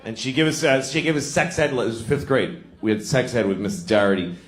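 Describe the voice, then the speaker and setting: Profane ranting comedian. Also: male voice, mid-range voice, expressive, fairly quick. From Boston. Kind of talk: stand-up comedy. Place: comedy club stage. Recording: roomy club with audience laughter.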